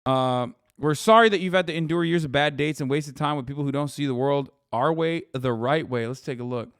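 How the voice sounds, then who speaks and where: A man streaming live, reacting to clips with profane, mocking, animated commentary. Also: on the high side, fairly quick, smooth, no room sound, studio quality. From United States.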